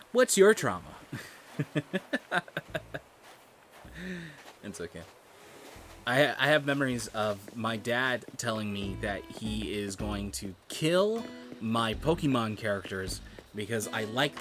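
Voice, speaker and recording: A man's voice: fairly low pitch, fairly bright tone. A man chatting casually while streaming a game, telling rambling stories and swearing freely. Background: game music.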